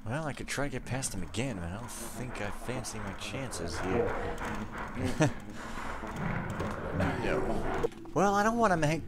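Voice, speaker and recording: A man's voice: medium pitch, very animated, measured pace, pauses often, heavy background noise. A young man giving casual gameplay commentary, ranting and easily frustrated, with outbursts and musing. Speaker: let's play gamer.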